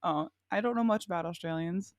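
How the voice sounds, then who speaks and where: A woman's voice: fairly low pitch, a little fast, no room sound, studio quality. A young woman co-hosting a podcast, laid-back and wry, giggling as she chats. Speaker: podcast co-host. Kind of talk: casual chat.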